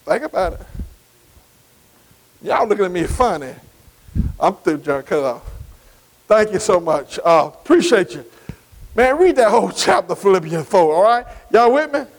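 A man's voice: sits high, animated, normal speed, pauses often, rough recording. A man preaching a sermon, folksy and emphatic, often asking the congregation whether they agree. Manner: emphatic preaching with call-and-response questions. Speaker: pastor.

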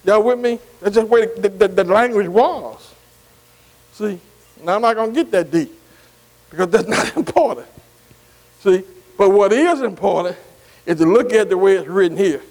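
A man's voice: sits high, normal speed, pauses often, a little mellow, in a large hall, rough recording. A man teaching a Bible study class. He spells Greek words out letter by letter, keeps saying "see" between phrases and keeps asking the class if they follow.

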